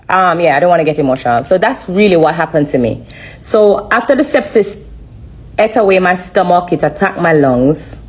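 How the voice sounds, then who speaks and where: Low-voiced woman giving testimony. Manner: earnest, halting, repeats herself. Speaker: livestreamer sharing a testimony. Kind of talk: emotional personal testimony on a live stream.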